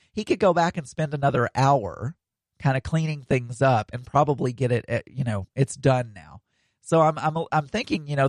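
A man's voice: medium pitch, no echo. A man hosting a casual solo podcast, rambling with plenty of fillers and restarts.

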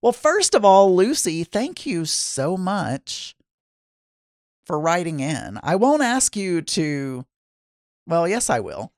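A man's voice: sits high, sing-song, takes it slowly, darkish tone, dry recording. A middle-aged man hosting his own daily podcast, chatting casually and rambling with self-deprecating asides. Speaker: podcast host.

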